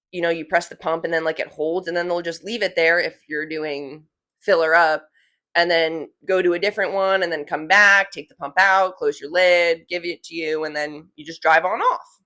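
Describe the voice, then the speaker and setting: A woman's voice: fairly low pitch, steady tone, normal speed, sharp tone. A young woman from New Jersey with a New Jersey accent, chatting casually to her viewers in a rambling, self-correcting way full of "like". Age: young adult. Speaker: vlogger. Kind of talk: casual chat to camera.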